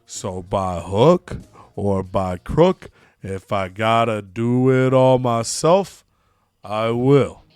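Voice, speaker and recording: A man's voice: medium pitch, animated, extremely slow, a little mellow, clear, resonant tone, no echo, faint music behind, voice pushed down. A man putting on a cocky, swaggering male wrestler's voice, drawling lines and calling people Chico. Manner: drawling, calls everyone Chico.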